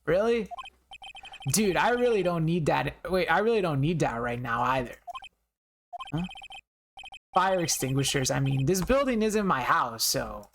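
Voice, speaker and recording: A woman's voice: sits low, animated, a little slow, pauses often, a little hiss or hum. A woman voicing a laid-back adult man who keeps saying dude, in an easygoing, slangy drawl.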